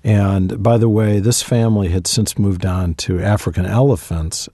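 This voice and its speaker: A man telling stories in an interview, conversational with emphatic asides. His voice is very low and gravelly, dark and slightly husky. The sound is dry and close. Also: steady tone, moderate pace, no room sound. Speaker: guest author. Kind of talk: interview storytelling.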